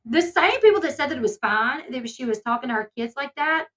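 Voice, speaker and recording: This woman speaks in a bright, crisp voice that sits a little higher than most. She talks casually to her viewers, stringing her thoughts together with lots of fillers. She sounds like someone venting during a gossip commentary vlog. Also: expressive, a little fast, poor audio. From Southern United States. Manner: chatty, filler-heavy, indignant storytelling. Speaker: commentary YouTuber.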